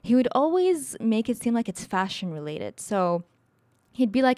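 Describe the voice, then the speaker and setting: Frank, animated young woman on a dry mic. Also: a little high, moderate pace, no echo. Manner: frank and animated, swears freely, acts out quotes. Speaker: podcast co-host telling a story. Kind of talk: casual storytelling chat.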